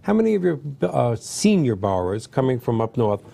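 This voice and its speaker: A man's voice: medium pitch, very animated, brisk, creaky, warm tone. A middle-aged man from New York hosting a casual chat, joking and asking his guest questions. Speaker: host. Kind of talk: casual talk show chat.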